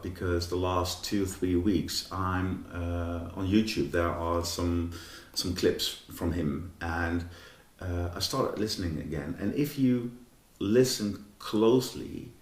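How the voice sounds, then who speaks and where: A man talking casually as a guest about radio, halting, with many fillers and restarts. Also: low-pitched, fairly even intonation. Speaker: radio music director, guest. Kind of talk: casual conversation. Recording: echoey room, from a distance.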